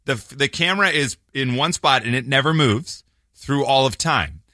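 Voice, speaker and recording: A man's voice: mid-range voice, animated, pushed and bright, dry recording, clean studio sound. A man hosting a casual radio chat, bantering playfully and explaining things loosely. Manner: quick banter, playful asides.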